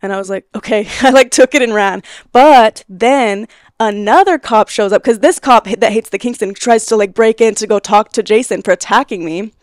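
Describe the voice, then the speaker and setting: A woman in her twenties, a podcast guest, telling a personal story in casual conversation, animated and laughing often as she acts out what people said. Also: fairly high pitch, moderate pace, no room sound, clean studio sound. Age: 20s.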